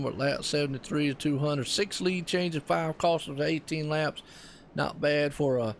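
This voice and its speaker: A man's voice: on the high side, a little hiss or hum. Folksy Southern man calling a race. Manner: laid-back, folksy, drawls "man" and "y'all". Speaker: race commentator. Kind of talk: sim racing play-by-play commentary.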